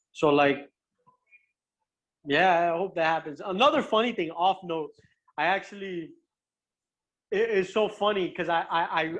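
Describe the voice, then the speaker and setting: A young man with a notably high-pitched voice, talking as a guest fighter in loose, animated conversation. He swears freely and trips over his own restarts as he tells his stories. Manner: profane, animated, stumbling restarts. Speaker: guest, pro MMA fighter. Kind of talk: casual chat, storytelling.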